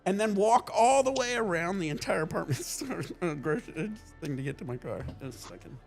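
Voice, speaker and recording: A middle-aged man with a gravelly, fry-heavy voice that sits a little high. He chats casually on a stream, telling stories and acting out people's lines. He laughs a lot as he goes. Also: animated, a little fast, soft background music. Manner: storytelling, mimics others' voices, laughs often. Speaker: streamer host. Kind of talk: casual chat.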